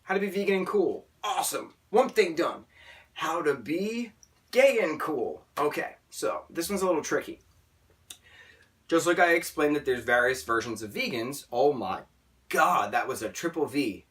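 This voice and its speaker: A man talking casually in an opinion vlog, emphatic and animated, often checking in with "right?". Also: on the high side, moderate pace. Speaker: vlogger. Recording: voice a bit distant from the mic.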